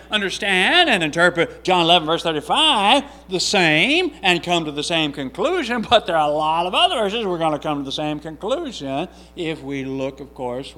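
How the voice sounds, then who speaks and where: A man's voice: fairly high pitch, sharp tone. A man reading scripture aloud and then preaching a sermon, earnest and emphatic, repeating his key points with frequent restarts.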